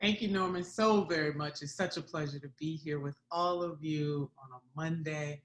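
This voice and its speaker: A woman's voice: low-pitched, moderate pace, roomy sound. A woman giving a rousing political speech on a video call, in a preacherly, emphatic manner, repeating phrases for effect. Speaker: guest speaker.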